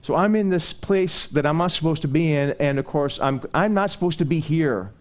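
Conversational male preacher, fairly high voice. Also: moderate pace. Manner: rambling, conversational storytelling that builds into animated preaching. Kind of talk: sermon with personal storytelling.

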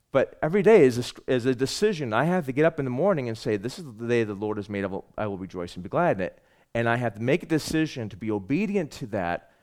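A man preaching a Sunday sermon as pastor, swinging between loud emphasis and hushed asides. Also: medium pitch.

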